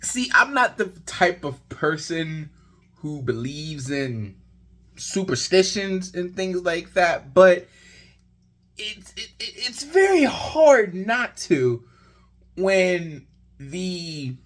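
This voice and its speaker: A man's voice: high voice, big pitch swings, drawn-out words, a bit bright. A young man rambling through a basketball game recap in a casual vlog, telling the story with exasperation. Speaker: sports vlogger.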